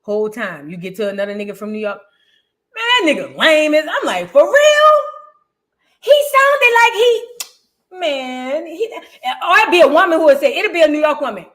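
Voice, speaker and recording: A woman with a high, bright-sounding voice hosts her own commentary channel. She rambles in loose slang and speaks bluntly and animatedly. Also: sing-song, fairly quick. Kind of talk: casual reaction commentary.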